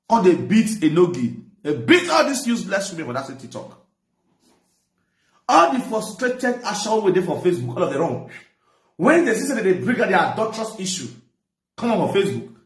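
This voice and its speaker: A fairly high-voiced Nigerian man hosting his own talk show, ranting excitedly in pidgin mixed with local phrases. His voice jumps up sharply when he gets heated. The sound bounces around an echoey room. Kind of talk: animated gossip commentary.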